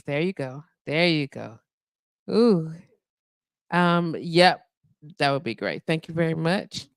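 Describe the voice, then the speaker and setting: A woman's voice: on the low side, a bit bright, no echo, clean studio sound. A woman hosting a live radio show, chatting casually, laughing often and cooing baby talk at her dog.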